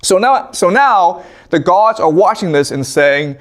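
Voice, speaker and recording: A man giving a casual storytelling history lecture, animated, often checking in with "okay?". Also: high voice, a little slow, few pauses.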